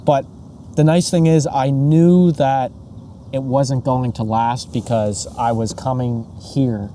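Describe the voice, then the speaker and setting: Male podcast co-host, earnest and reflective, very dark warm tone, faint background noise. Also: mid-range voice, fairly even intonation, slow pace. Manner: earnest, reflective, repeats himself as he thinks. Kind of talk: candid mental health podcast talk.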